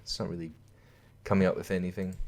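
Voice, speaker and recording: A young man hosting a solo podcast, rambling, swearing and laughing, sliding from mumbles into loud outbursts. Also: sits low, level tone, fast. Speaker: podcast host.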